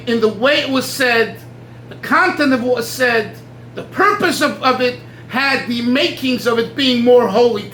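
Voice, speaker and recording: A man's voice: extremely high pitch, sharp tone, slight background noise. A man, a rabbi, giving an informal talk to a group, conversational, with many restarts and asides. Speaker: rabbi teaching a class. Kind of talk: informal lecture at a gathering. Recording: echoey room with faint ambience.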